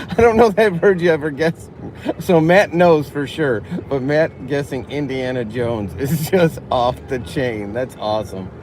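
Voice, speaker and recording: Man host chatting to viewers mid-drive, everyday pitch, steady car noise under the voice. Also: measured pace, rough recording. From northern Illinois. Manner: chatty, reads and answers chat. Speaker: livestream host. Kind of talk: casual livestream chat while driving. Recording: car road noise behind.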